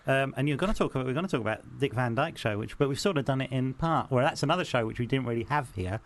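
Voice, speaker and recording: A man's voice: mid-range voice, expressive, fast talker. A man with a London accent, co-hosting a podcast in casual chat, chatty and self-deprecating. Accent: London English. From England. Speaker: podcast co-host.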